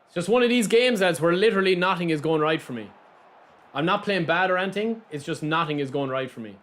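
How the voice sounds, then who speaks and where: A man's voice: high voice, fast. A young Irish man commenting live on his football video game and chatting with viewers. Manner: animated, chatty, reacting to play and viewers. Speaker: game streamer.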